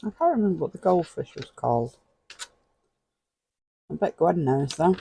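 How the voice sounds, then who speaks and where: A man's voice: a little high, lively intonation, moderate pace, vocal fry, warm tone, a little hiss or hum, low-quality recording. A man, chatting casually to the viewer as he flips through an old magazine and chuckles often. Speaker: vlogger. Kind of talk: casual flip-through commentary.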